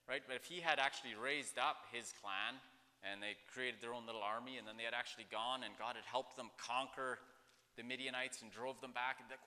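Very bright-voiced man with a chatty manner. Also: medium pitch, normal speed. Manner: conversational, rambling, with many fillers and acted-out quotes. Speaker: pastor. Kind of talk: casual devotional talk. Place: outdoors. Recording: echoey hall-like reverb.

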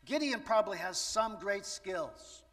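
A man's voice: high-pitched, lively intonation, unhurried, a bit bright. A man preaching a sermon in a conversational way, putting rhetorical questions to the audience. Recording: echoey hall from far off.

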